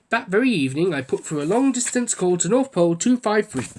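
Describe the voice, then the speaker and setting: A man reading a children's picture book aloud, telling the story with lively delivery. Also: fast talker, hardly any pauses, a little hiss or hum. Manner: lively storytelling, raising pitch for quoted speech. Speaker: book reader.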